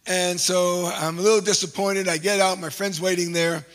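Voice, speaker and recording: A male pastor telling a funny personal story in a sermon, animated and self-mocking. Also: high-pitched, moderate pace. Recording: long hall reverb.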